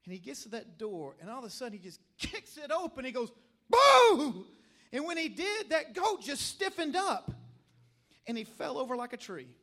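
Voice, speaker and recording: This is a church revival sermon from a middle-aged Middle Tennessee preacher whose voice sits at an extremely high pitch. Very animated and a little fast, he tells stories with emphasis and builds up to shouting calls, his Tennessee accent clear.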